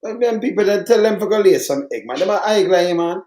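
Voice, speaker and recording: A Jamaican man banters loosely in thick patois with a caller. His voice is high for a man. The room around him gives a noticeable echo. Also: expressive, brisk, mellow. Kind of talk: casual banter. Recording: roomy echo.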